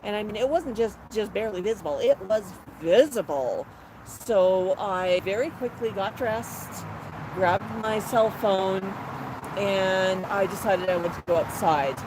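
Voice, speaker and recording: A woman's voice: mid-range voice, unhurried. A woman host telling a rambling story casually on a phone live stream from an outdoor patio, with plenty of fillers. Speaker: pet parrot channel host. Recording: noisy outdoor phone recording.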